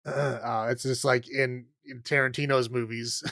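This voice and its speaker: Casual male podcast host, mid-pitched, chatty and meandering with plenty of "um" and "like", recorded dry and close. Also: level tone, unhurried, gravelly, a bit bright, dry recording. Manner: rambling, filler-heavy, laughs often. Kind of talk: casual chat recapping a film.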